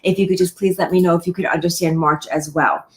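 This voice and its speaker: Woman, medium, live reading, lowish pitch, repeats words, reassuring. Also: fairly even intonation, fast. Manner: repeats phrases, addresses viewers by name, gentle reassurance. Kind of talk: live online reading, casual and direct.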